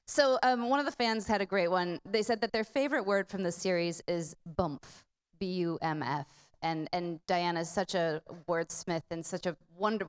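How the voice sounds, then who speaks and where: A woman's voice: on the low side, smooth. A woman moderating a convention panel in an upbeat way, laughing between her questions.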